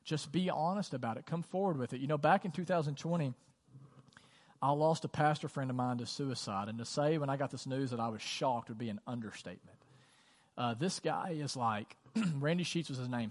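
A man's voice: medium pitch, moderate pace. A man preaching a sermon as pastor, conversational and earnest, repeating phrases for emphasis. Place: church sanctuary. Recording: long church reverb.

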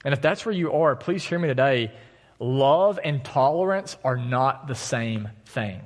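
A man's voice: medium pitch, animated, unhurried. A man in his thirties preaching a sermon as pastor, talking conversationally and telling stories with self-deprecating humor. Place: church sanctuary. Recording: long reverb of a church hall.

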